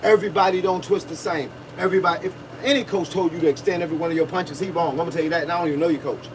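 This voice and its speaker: Man, boxing coach, high voice, preachy and repetitive, livestream, distant mic. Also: fairly even intonation, racing, background noise. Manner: preachy, repetitive, talks to viewers, grunts while punching a bag.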